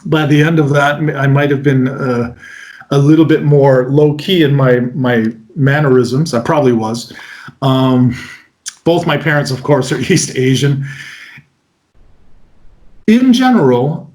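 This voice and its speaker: A North American magician in his forties answering interview questions in a lively way. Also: mid-range voice, measured pace, pauses often. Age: 40s. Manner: animated, breaks into mock voices. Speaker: magician guest. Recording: roomy echo.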